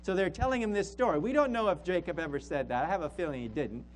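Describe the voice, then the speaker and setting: A man's voice: sits high, fast talker, slight background noise, poor audio. A man preaching a sermon as a pastor, emphatic and repeating key phrases for stress.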